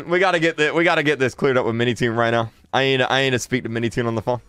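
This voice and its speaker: Exasperated male streamer, smooth and dry. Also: mid-range voice, steady tone, fast, fairly bright tone, dry recording, soft background music. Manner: exasperated, repeats himself, stammers and laughs. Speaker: livestreamer. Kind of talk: livestream chat commentary.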